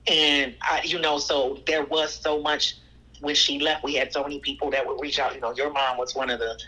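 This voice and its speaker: Woman, low-pitched, husky, animated storyteller, acts out quotes. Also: normal speed, low-quality recording. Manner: animated, quotes people in voices. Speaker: guest. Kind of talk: conversational storytelling.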